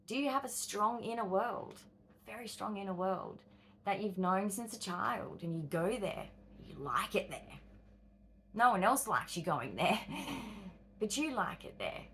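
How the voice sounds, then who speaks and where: A woman's voice: medium pitch, fairly bright tone. An Australian woman in her fifties vlogging, talking straight to her viewers and acting out inner voices with exclamations and sighs. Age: 50s. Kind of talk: direct-to-camera vlog monologue.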